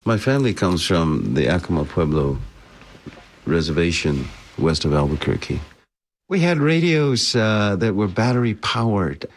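A man, a poet, recalling his childhood in an interview in a reflective, halting way. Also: low-pitched, big pitch swings, a little hiss or hum. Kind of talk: interview recollection.

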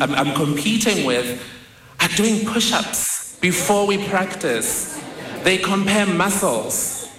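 Young man, storyteller on stage. Slow, wry, self-mocking, bright tone, roomy hall sound. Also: sits high. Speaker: speaker. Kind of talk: personal storytelling talk.

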